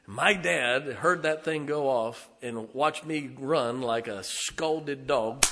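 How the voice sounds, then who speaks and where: A middle-aged man from near Lake Erie tells a childhood story in a plain, folksy way. His voice is bright and forceful. The recording carries the long reverb of a big hall. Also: on the high side, a little slow. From northern Ohio, near Lake Erie. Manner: folksy, conversational, acts out quoted dialogue. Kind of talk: personal storytelling.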